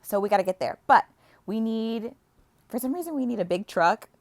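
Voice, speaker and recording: A woman's voice: fairly high pitch, animated, moderate pace. A young woman casually recapping a book series, chatty and playful, acting out characters' lines. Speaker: book vlogger.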